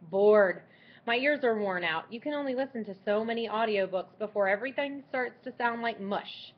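A playful, wry teenage girl who teases lightly over the phone, as a woman reader puts her on. Her voice is pitched a little higher and brighter than the narration. The audiobook recording is dull and lo-fi. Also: normal speed, lightly acted. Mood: teasing.

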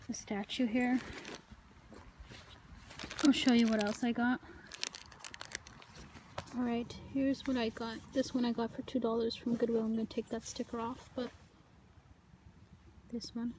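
A chatty woman with a somewhat high voice talks through a casual paranormal vlog, addressing her viewers directly. She is filmed outdoors in a cemetery. The recording carries clear outdoor background noise. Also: level tone, measured pace, long pauses, a little mellow. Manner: chatty, addresses viewers as you guys and y'all. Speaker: paranormal vlogger.

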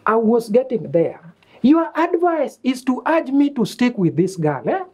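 A man's voice: very high-pitched, sing-song, unhurried, a little mellow, heavily acted. An actor playing a boastful young man who bosses his friends around in a comedy series. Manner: bossy, teasing. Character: boastful young man scheming a fake reality-show life. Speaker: student. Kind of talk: comedy web series acting.

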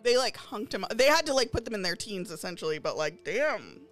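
A woman streaming a game live, chatting to her viewers and gushing excitedly over new items. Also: mid-range voice, a little fast, few pauses. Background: faint game lobby music.

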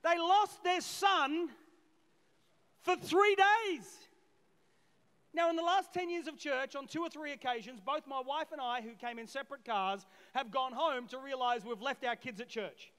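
A middle-aged man preaching a lively sermon as pastor, swinging between loud shouted peaks and quiet asides, acting out voices from the story. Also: very high voice, fairly quick, hardly any pauses. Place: church auditorium. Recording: long hall reverb.

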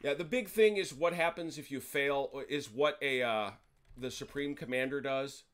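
A man hosting a tabletop wargame walks his players through the rules in a casual, chatty way, often correcting himself mid-sentence and slipping in wry jokes. His mid-range voice is a bit bright and clean in tone, at a moderate pace.

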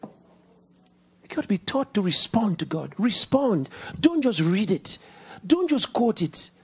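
A male pastor preaching a sermon, swinging from loud rhetorical questions to hushed whispers and repeating key lines with slow, deliberate emphasis. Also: high voice, big pitch swings, slight background noise. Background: congregation answering and laughing.

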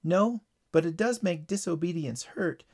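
A man's voice: on the high side, lively intonation, unhurried, a little mellow, voice pushed up. A man voicing a timid little female ladybug in a storybook reading, with a small, pleading voice. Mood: earnest.

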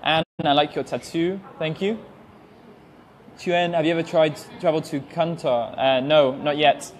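A man's voice: fairly high pitch, steady tone, slight background noise. A man in his twenties with an English accent, an English teacher reading out viewer questions in a live-stream Q&A and answering with many ums. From England. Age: 20s. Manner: hesitant, with many ums, speaks slowly and carefully. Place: language school.

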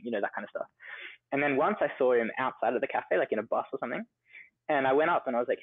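A man's voice: medium pitch, fast talker, husky, no room sound. A young Australian man telling stories in a casual interview, chatty and full of fillers. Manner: chatty, many fillers like "like" and "you know". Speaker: guest, coffee entrepreneur. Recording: dry phone-like audio.

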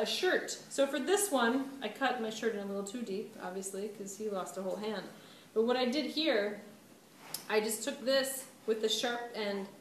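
A chatty woman art teacher talks a class through a clay demonstration and laughs at her slips. She is heard from well away from the microphone. Room echo and steady background noise surround her voice. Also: on the high side. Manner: chatty, self-deprecating, laughs often. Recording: roomy, distant camera mic with background noise.

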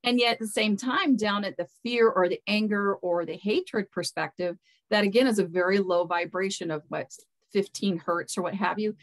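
A spiritual mentor, a woman with a medium-pitched voice, speaks at a moderate pace in a casual interview. She comes across as earnest and loose, repeating words as she gropes for the right phrasing, and the audio quality is rough.

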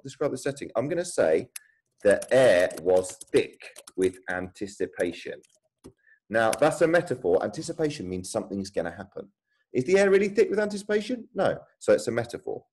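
A man's voice: medium pitch, a little mellow, rough recording. A man, a primary school teacher thinking aloud and explaining as he types a writing lesson for children.

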